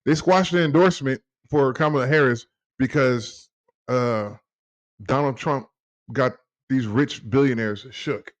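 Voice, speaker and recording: A man hosting a casual political chat with his father, talking in an animated, rambling and profane way. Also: medium pitch, measured pace. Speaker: host, son.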